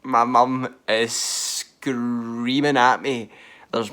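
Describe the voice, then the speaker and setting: A young man tells a story casually to his viewers. He laughs often and pokes fun at himself. His voice sits at an ordinary middle pitch. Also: drawn-out words, smooth. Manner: laughs often, self-mocking and animated. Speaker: vlogger.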